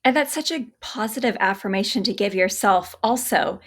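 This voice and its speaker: A woman's voice: mid-range voice, moderate pace. A woman hosting a podcast interview, speaking in an agreeable, reflective and affirming way. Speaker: podcast host.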